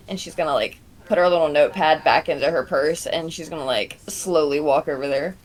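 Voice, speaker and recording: A woman playing a tabletop game, talking casually and haltingly with lots of fillers. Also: deep voice. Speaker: player.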